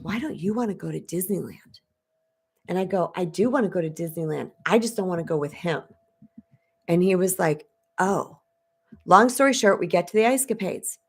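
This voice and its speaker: Candid, chatty woman in her fifties, low voice. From United States. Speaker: spiritual empowerment coach. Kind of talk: live-streamed personal storytelling to viewers.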